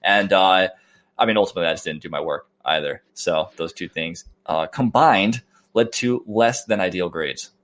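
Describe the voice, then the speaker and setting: Lower-voiced male podcast co-host. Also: moderate pace. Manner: animated storyteller, self-mocking. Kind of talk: casual podcast chat.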